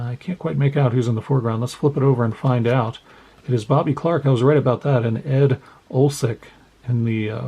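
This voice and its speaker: A man's voice: medium pitch, dark tone, husky, rough recording. A man hosting a card collecting channel, chatting casually and self-deprecatingly as he opens packs and reads out the cards. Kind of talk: casual pack-opening commentary.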